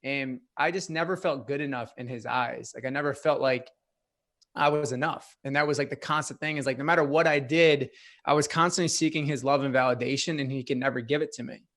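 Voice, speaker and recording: A man's voice: mid-range voice, steady tone, brisk, fairly bright tone. A young man sharing his life story as a podcast guest, earnest and open, with many casual fillers. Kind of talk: personal storytelling interview.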